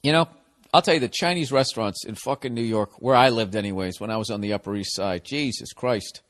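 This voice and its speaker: A middle-aged man hosting his own podcast, talking in a casual solo monologue full of profane, animated ranting. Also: lowish voice, a little fast. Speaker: podcast host.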